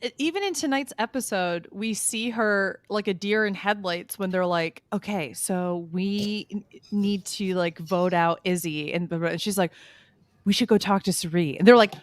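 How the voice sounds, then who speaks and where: A woman's voice: mid-range voice, normal speed, no echo. A woman co-hosting a casual reality-show recap podcast, laying out game analysis and laughing easily. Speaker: podcast co-host.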